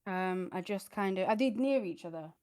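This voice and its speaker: A woman's voice: medium pitch, animated, moderate pace, a little mellow, clean tone, no room sound, clean studio sound. A woman playing a tabletop game, talking casually and hesitantly with many fillers. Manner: hesitant, lots of fillers, giggly. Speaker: player.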